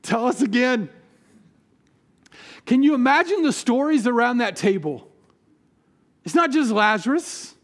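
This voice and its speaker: A man preaches from the pulpit. His voice sits fairly high, and he tells scripture stories with lively energy, slipping into the voices of the figures he describes. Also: normal speed. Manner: animated storytelling, acts out biblical figures with rising energy. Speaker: pastor. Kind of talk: sermon.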